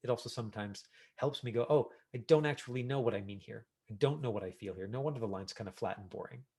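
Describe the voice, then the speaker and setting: A middle-aged man teaching an online acting class over a video call, talking casually with lots of fillers and lively examples. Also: mid-range voice, fast talker, husky. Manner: casual, animated, many fillers.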